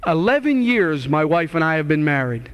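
A man's voice: fairly high pitch, very animated, moderate pace, clear, resonant tone, dull audio. A middle-aged man, a minister, giving his testimony as a sermon in an impassioned, exhorting way and acting out old conversations with a raised voice. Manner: impassioned, acts out dialogue in a raised voice; earnest and exhorting. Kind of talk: testimony sermon to a live audience.

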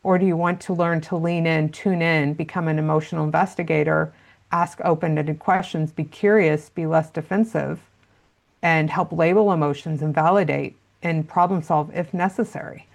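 A woman's voice: sits low, steady tone, moderate pace, creaky. A woman answering interview questions as a parenting expert, explaining at length with frequent fillers.

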